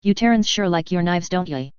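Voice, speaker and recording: A giggly, easygoing furry alien female, as a woman reads her lines. The voice sits a little low and very clear. The recording is dry and a bit dull. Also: lively intonation, brisk, dry recording, close to an everyday voice. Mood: amused.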